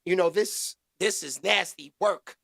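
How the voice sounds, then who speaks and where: A man's voice: sits high, measured pace, vocal fry, no room sound. A man from New hosting a show, chatting in a loose, slangy, rambling way. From New York. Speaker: show host. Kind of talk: casual livestream commentary. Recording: loud music bed under voice. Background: loud music.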